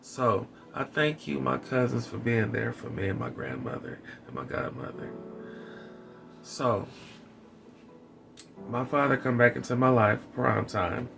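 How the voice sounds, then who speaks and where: A man vlogging a candid personal story with wry dark humor, rambling and repeating his phrases. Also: mid-range voice, big pitch swings, unhurried, creaky, pauses often. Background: background music.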